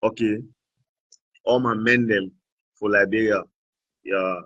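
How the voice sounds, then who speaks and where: A man's voice: fairly low pitch, steady tone, slow pace, fairly bright tone, dry recording, muffled recording. A man from Cameroon, a guest on an interview show, chatting casually and laughing often as he switches between French, English and pidgin. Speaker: guest blogger.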